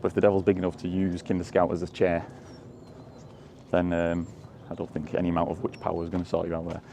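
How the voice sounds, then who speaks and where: Deep, flat-voiced man rambling on a walk. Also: fast, vocal fry, a little hiss or hum. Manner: rambling, chatty, chuckles often. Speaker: walking tour vlogger. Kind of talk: casual walking commentary. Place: countryside fields and lanes, outdoors.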